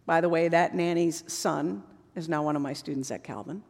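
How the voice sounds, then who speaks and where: A woman preaching a sermon in an earnest manner, rising to fervent passages and sinking to hushed closing words. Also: low voice, normal speed, creaky. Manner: earnest, builds to fervent passages, drops to soft hushed endings. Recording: long hall reverb.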